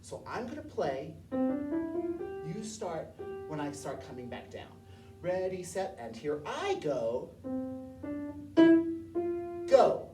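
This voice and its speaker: A woman's voice: low voice, very animated, takes it slowly. A woman who teaches elementary music, leading a movement lesson and singing scale notes and counts aloud. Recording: echoey room heard from a distance.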